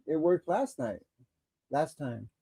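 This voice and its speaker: Man, livestream call-in host, slightly high voice, crude rambling jokes, dry close sound. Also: very animated, slow pace, creaky, dark tone, slightly rough, dry recording. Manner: rambling and crude, joking through technical trouble. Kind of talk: casual livestream chat.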